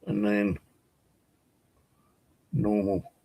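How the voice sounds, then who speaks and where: A man casually demonstrating ghost apps, rambling and hesitant with many pauses. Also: fairly low pitch, completely flat delivery, gravelly, warm tone, poor audio. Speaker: paranormal vlogger.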